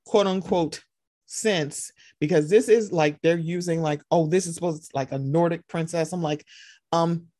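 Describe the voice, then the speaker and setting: A young woman co-hosting a podcast, chatting casually and animatedly, often jumping into excited quoted voices. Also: moderate pace, no room sound, clean studio sound. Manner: animated, jumps into high excited voices when quoting. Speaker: podcast co-host. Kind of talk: casual chat.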